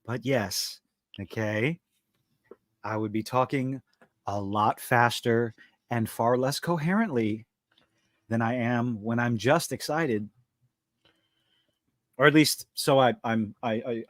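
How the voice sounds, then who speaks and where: A man hosting a live podcast stream, talking fast and excitedly in profane, rambling casual chat. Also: mid-range voice, no room sound, clean studio sound.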